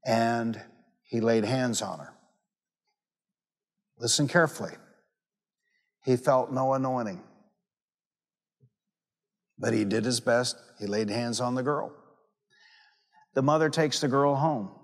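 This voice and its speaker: A man's voice: medium pitch, slow, pauses often. Preacher man with a long hall echo. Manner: storytelling, repeats phrases for emphasis. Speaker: pastor. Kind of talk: sermon.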